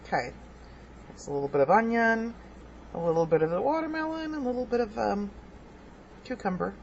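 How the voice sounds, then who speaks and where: A woman walks through a home cooking demonstration in her kitchen, talking casually and filling pauses with ums. Her voice sits a little on the high side. The recording is dull and lo-fi, with a faint hum underneath. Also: expressive, vocal fry. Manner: chatty, homey, lots of ums and kinda.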